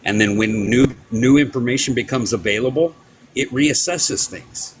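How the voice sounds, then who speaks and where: A man on a casual live stream call, explaining his points slowly and carefully with fillers. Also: medium pitch, poor audio. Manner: measured, explanatory, slow with fillers.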